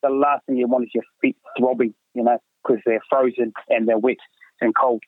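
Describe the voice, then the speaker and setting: The speaker is a middle-aged hunting guide on a podcast, his medium-pitched voice flat in pitch and moving at a moderate pace. Casual and rambling, he fills his talk with fillers and keeps saying "mate," over a dry, tinny phone line with no echo.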